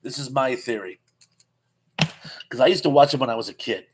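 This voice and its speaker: A man's voice: medium pitch, fairly quick, noisy background. A man in his fifties hosting a casual live chat, reading viewer comments aloud and rambling with frequent restarts.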